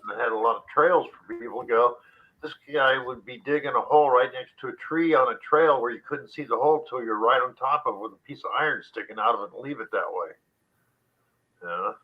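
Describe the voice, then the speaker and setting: Brief: male remote guest, mid-pitched, dry teasing humor, slightly muffled remote audio. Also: slightly rough. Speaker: remote guest on a live stream. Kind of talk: casual live stream chat.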